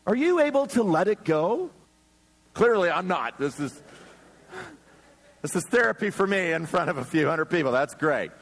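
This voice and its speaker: A man's voice: high voice, normal speed, pauses often, big-room sound. A man preaching a sermon as a pastor to a few hundred people, joking and acting out the people in his stories. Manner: animated, joking, acts out quoted people. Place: church hall before a few hundred people.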